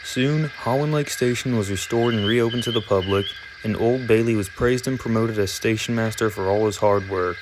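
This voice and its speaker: A man narrating a storybook tale in a steady, measured reading voice. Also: on the low side, noisy background.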